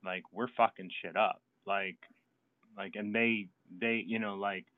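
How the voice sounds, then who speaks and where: A man hosting a casual chat, talking in a halting, reflective way with many fillers. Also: on the low side, fairly even intonation, no echo. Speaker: podcast host. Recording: tinny phone-like line, dry.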